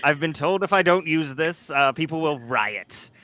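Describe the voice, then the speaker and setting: A man's voice: on the high side, lively intonation, normal speed, sharp tone, dry recording. A man co-hosting a casual livestream, joking and chuckling as he greets chat. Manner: jokey, self-deprecating, chuckles often. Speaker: livestream co-host.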